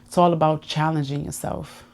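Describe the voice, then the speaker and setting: A woman's voice: deep voice, level tone, normal speed, darkish tone, a little hiss or hum. A woman hosting her own podcast, talking through personal growth in a heartfelt, confiding monologue. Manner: heartfelt, confiding, emotional at times. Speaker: podcast host.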